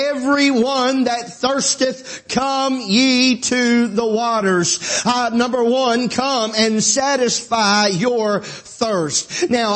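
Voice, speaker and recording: A preacher, a middle-aged man with a very high voice, working through his points. He slides between folksy asides and fervent, shouted calls to the congregation. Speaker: pastor. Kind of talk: sermon.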